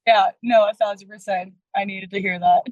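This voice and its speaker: A woman's voice: medium pitch, fairly even intonation, moderate pace, no echo, dull audio. Candid woman sharing her struggles. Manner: candid, emotional sharing with casual swearing. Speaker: coaching client. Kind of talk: group coaching call.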